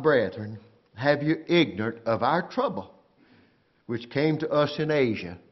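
A man preaching a sermon, swinging from loud, drawn-out cries down to hushed, quiet lines as he speaks to his congregation. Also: medium pitch, dull audio. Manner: swings from shouting to near-whisper, calls out to the congregation.

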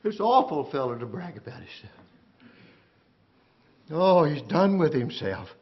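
A male preacher delivers a sermon in a somewhat high voice, rising to loud, stretched-out cries and then falling to near-whispers. He speaks straight to his congregation, and the recording sounds dull and lo-fi. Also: very animated, measured pace. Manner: swings from shouting to near-whisper, calls out to the congregation.

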